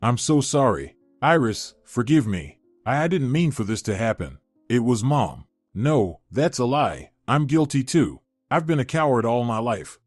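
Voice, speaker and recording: Man doing a guilty husband in his thirties, pleading and broken, lively ups and downs. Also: medium pitch, a little slow, no echo, studio quality, soft background music. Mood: remorseful. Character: weak-willed thirties husband, tearful and remorseful.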